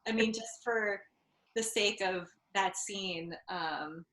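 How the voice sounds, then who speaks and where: A woman's voice: mid-range voice, slow pace, fairly bright tone, roomy sound. A woman hosting a casual online spelling bee, rambling and giggling between words. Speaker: quiz host.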